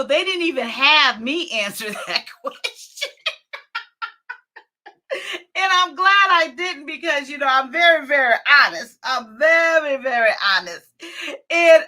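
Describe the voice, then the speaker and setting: A woman's voice: sits high, pushed and bright. A woman hosting a casual livestream, chatting with viewers and laughing often. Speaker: livestream host.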